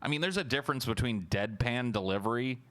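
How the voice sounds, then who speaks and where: A man's voice: fast talker, fairly bright tone, no room sound. A man hosting a casual livestream, reacting to a trailer with sarcastic, mocking, profane commentary. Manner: mimics lines in exaggerated high voices.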